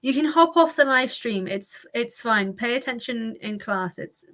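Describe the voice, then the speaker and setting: A woman's voice: a little high, animated, unhurried, fairly bright tone. A woman hosting a casual livestream chat, rambling and laughing often. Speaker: livestream host.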